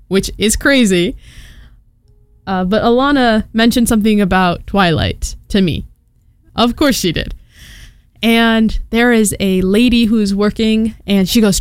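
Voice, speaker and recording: A woman in her early twenties talking casually on her own podcast, chatty and self-deprecating with quick laughs. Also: a little high, smooth, no echo. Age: 20s. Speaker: podcast host. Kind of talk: casual solo podcast chat.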